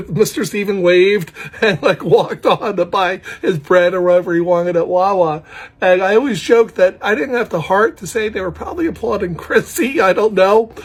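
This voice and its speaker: A man, a proud father, casually telling a story about his son, animated and laughing often as he talks. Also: high-pitched, slightly rough. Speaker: parent telling a family story.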